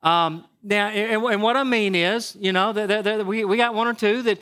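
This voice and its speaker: A man's voice: high-pitched, steady tone, moderate pace, bright, forceful tone. A man preaching a sermon as pastor, talking in a loose, conversational way with frequent restarts and "right?" to the congregation. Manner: conversational, repeats words, asks the crowd "right?".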